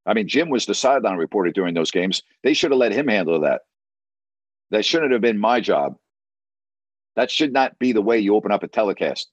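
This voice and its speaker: A man's voice: fairly low pitch, animated, fairly quick, breathy edge, no echo, dull audio. A man who works as a sports broadcaster tells a story in a blunt, emphatic way, often repeating words for stress. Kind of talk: storytelling monologue.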